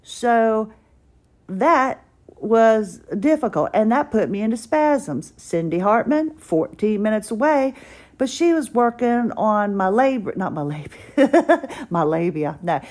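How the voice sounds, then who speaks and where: A woman's voice: on the high side, sing-song, unhurried, a little mellow. A woman hosting a podcast, chatting casually and wryly about her day and retelling conversations line by line. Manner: chatty, wry, retells dialogue with "I said". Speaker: podcast host. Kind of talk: casual personal storytelling. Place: at home, doing exercises while talking.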